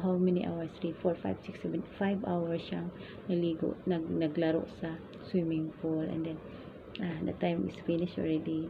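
Filipino woman, domestic helper, chatty storyteller with a gravelly edge, faint background noise. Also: fairly low pitch. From Philippines. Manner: chatty, mixes Tagalog and English, many fillers. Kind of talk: casual storytelling vlog. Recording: tinny phone-like recording, faint noise.

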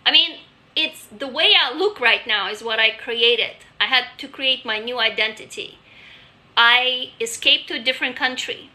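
On a couch in her home office, a Russian-born livestreamer whose mother tongue is Russian reads viewers' comments aloud into the phone in her hand. Speaking at a moderate pace in a high, sharply bright voice, she's open and talkative, frequently restarting and swearing liberally.

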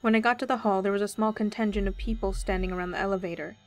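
A woman reading a first-person horror story aloud with steady, measured storytelling. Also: medium pitch. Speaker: story reader. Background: faint background music.

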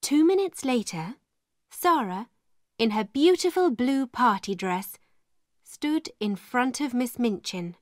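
A woman reads a storybook aloud for English learners, slow and deliberate, with a fairly high voice that rises and falls a lot. The recording is close and dry. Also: expressive, dry recording. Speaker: storybook reader. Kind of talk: scripted narration for English learners.

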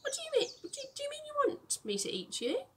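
A woman's voice: mid-range voice, slow pace, gravelly, far from the mic, background noise. A woman voicing a crafty, hungry male fox villain in a storybook reading, gloating in a raised voice. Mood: scheming.

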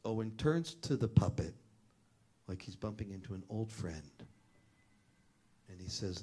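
A middle-aged man telling a family story as a talk, animated and acting out the voices of the people in it. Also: low voice, measured pace, long pauses, breathy edge.

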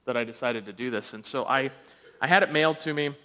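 A man preaching a storytelling sermon, animated and self-deprecating, acting out the voices in his stories. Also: medium pitch, fast talker. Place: church sanctuary. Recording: long church reverb.

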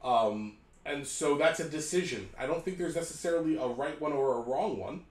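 A man's voice: on the high side, moderate pace, reverberant. A man giving a guitar lesson, explaining patiently, humming melodies and checking in with "right?". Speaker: guitar teacher. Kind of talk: casual lesson talk.

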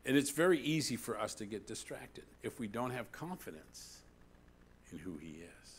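A pastor delivers an animated sermon, swinging between loud emphasis and hushed asides and often asking the congregation "See?". His mid-range voice moves at normal speed, with a little hiss or hum in the audio.

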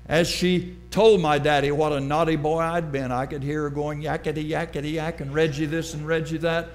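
A middle-aged man preaching a sermon, telling a personal story slowly and dramatically. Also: a little high. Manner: slow, deliberate, dramatic storytelling.

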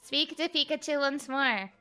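A woman streaming a game, chatting casually with her viewers, giggling often and yelling at the game. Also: high voice, moderate pace, faint music behind. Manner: giggly, greets chat, yells at the game. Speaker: VTuber streamer. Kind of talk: casual live-stream gaming chat.

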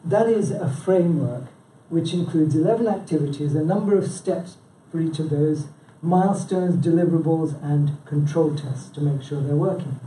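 Man giving a talk, mellow voice, slightly high, chatty asides, roomy sound from a distance. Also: normal speed, few pauses, a little hiss or hum. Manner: chatty, self-interrupting, with frequent "yeah?" and "you know". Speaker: branch chairman giving a talk. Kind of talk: informal presentation quizzing the audience. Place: meeting room with a live audience. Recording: echoey room, speaker away from the mic.

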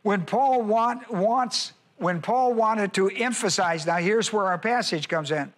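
A male pastor teaching a Bible study, repeating key phrases and slowing down to stress words. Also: high-pitched, a bit bright.

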